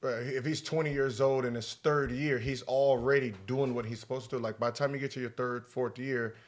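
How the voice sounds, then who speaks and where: A man co-hosting a podcast, a former basketball player chatting casually, blunt and profane as he tells animated stories. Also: mid-range voice, brisk. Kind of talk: casual chat.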